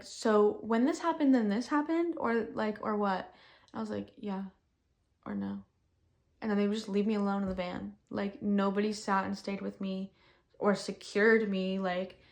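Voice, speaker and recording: A young woman recounting a personal ordeal in casual storytelling, halting and full of fillers, often flat and subdued. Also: medium pitch, vocal fry.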